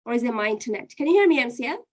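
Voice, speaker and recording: A woman's voice: on the high side, big pitch swings, rapid-fire. A woman teaching an online Qur'an reading lesson, patiently explaining step by step and running a quiz.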